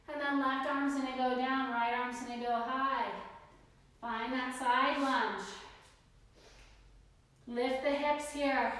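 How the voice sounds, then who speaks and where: Breathless high-voiced woman leading yoga. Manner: energetic breath-paced cueing with cheers. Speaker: yoga instructor. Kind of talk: live yoga class cues. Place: yoga studio. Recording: roomy distant studio echo.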